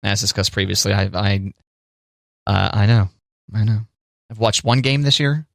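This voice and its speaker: With vocal fry and a fairly low pitch, this podcast co-host speaks at a moderate pace, keeping things relaxed and self-deprecating. His chat is full of fillers and false starts, captured in a dry, studio-quality recording.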